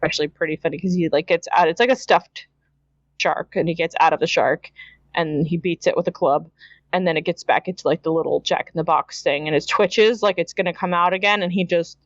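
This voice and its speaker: A Canadian woman hosts a podcast, casually recapping a cartoon episode, laughing often and doing the characters' voices when she quotes them. Her voice sits on the low side with fairly even intonation and a slightly fast pace, on a dry recording with the highs cut off.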